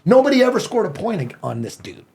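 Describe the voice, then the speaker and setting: A man with a high, gravelly voice tells a story on a podcast. He is casual, animated and profane, and he slips into acting out what he was thinking back then. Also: fast talker. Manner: animated, profane, acts out his own past thoughts. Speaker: podcast guest.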